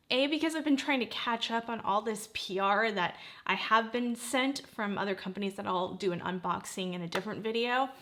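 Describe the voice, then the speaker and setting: Woman, forties, beauty vlogger, casual chat, rambling, teary, slightly high voice. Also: a bit bright. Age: 40s. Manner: chatty, easily sidetracked, tearful at times. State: close to tears. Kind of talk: casual chat while doing makeup.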